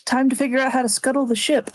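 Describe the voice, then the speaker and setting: A woman's voice: high voice, fairly even intonation, quick pace. A woman playing a tabletop game, playful and easygoing as she speaks in character. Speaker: player.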